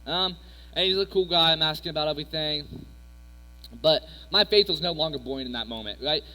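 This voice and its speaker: Bright-voiced young man giving a youth talk. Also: a little high, a little fast. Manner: casual, rambling, filler-heavy. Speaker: youth speaker. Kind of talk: youth sermon with personal stories. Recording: echoey hall with mains hum.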